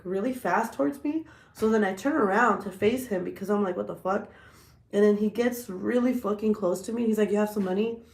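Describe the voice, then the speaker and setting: A woman in her thirties, a vlogger telling stories in a blunt, profane, animated casual chat. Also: mid-range voice, reverberant.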